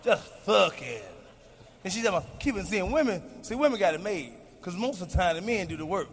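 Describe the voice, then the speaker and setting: A man in his forties works a live crowd with a profane, boastful stand-up routine. His voice sits very high and swings widely, and he shouts his punchlines. The recording carries a long hall reverb and a faint hiss. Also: lively intonation, fairly quick. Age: 40s. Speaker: stand-up comedian. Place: comedy stage before a live audience.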